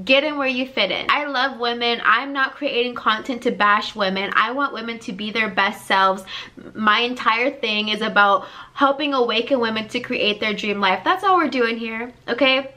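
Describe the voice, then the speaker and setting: Woman coach vlogging, kinda high bright voice, blunt tough love, repeats herself a lot. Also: moderate pace. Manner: blunt tough-love lecturing, energetic and repetitive. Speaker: life coach and channel host. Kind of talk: direct-to-camera motivational vlog.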